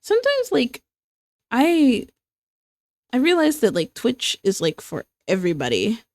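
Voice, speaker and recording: A young American woman chats with her viewers while she draws live. She talks slowly with a gravelly edge, drifting between thoughts and repeating herself with self-mocking asides. The sound is dry and close, with no room around it. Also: a little high, wildly swooping pitch, a little mellow, no room sound. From United States. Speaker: streamer drawing live. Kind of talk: casual stream chat while drawing.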